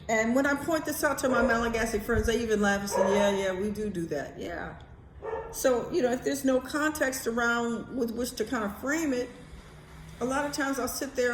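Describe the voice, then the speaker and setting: A woman vlogging in a casual, animated chatty way, swearing now and then. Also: high voice, roomy sound, heavy background noise. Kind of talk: casual chat to camera.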